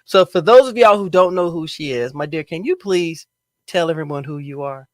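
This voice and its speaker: A man's voice: fairly high pitch, moderate pace, no echo. A man hosting a casual live stream chat show, hyped, joking and playful with his audience and guest. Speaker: livestream host.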